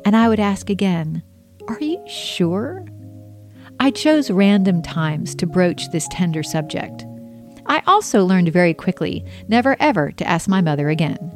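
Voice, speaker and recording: A woman narrating her own memoir in an expressive storytelling voice. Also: lowish voice. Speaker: memoir author reading her book.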